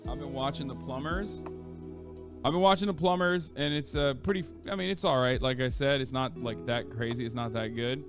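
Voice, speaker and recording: A man streaming live and chatting casually, rambling and swearing, his pitch leaping up when he gets worked up. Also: a little fast, hardly any pauses, over music. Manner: profane, rambling, with sudden loud jumps in pitch.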